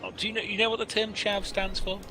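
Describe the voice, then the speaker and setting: A man's voice: high voice, level tone, fast talker, pushed and bright, soft background music. A man co-hosting a casual podcast chat, rambling and playful with lots of fillers. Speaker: co-host.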